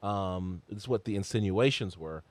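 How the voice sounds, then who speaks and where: A man co-hosting a sports podcast in casual chat, stumbling over restarts and letting his voice jump high when excited. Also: normal speed, no room sound. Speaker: podcast co-host.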